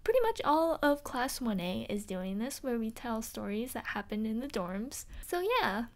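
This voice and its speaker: A woman's voice: a little high, very animated, moderate pace. A woman playing a bubbly teenage girl at a hero school, telling a dorm story in a chatty, giggly way with many fillers. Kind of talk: in-character storytelling vlog.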